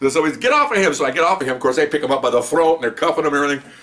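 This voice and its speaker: A man who was once a police officer, telling a long story in a rambling, animated way and often checking in with "okay?". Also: a little high, rapid-fire. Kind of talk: casual spoken storytelling.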